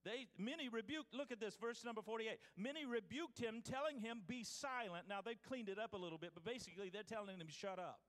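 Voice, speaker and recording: A man's voice: sits high, a little fast, hardly any pauses, a bit bright, long reverb tail. A man preaching a sermon as pastor, reading scripture aloud with restarts and calling out to his congregation.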